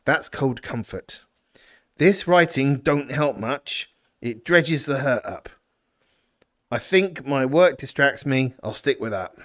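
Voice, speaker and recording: A man doing a weary, grieving frontier man in a video game, speaking in a rough, folksy rural drawl. The voice sits at a middling pitch and carries a sorrowful, worn-down tiredness. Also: animated, slow pace, fairly bright tone.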